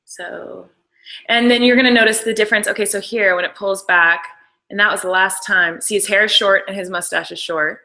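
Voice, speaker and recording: A young woman talks casually through a live stream, piling up enthusiastic behind-the-scenes stories and quick apologies. Her voice is bright and forward. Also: mid-range voice, steady tone, poor audio. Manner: chatty, gushing, apologetic asides. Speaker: show creator and host.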